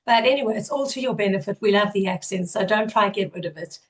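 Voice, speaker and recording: Woman, South African accent, podcast host, a bit hoarse, upbeat, effusive, mid-pitched voice. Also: quick pace. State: partly lost voice, hoarse. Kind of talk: interview podcast hosting.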